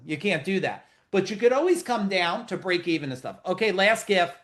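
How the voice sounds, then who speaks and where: A man's voice: sits high, normal speed, few pauses. A middle-aged man hosting a live business webinar over a video call, talking casually, bluntly and profanely with lots of jokes. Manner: blunt, profane, animated and joking.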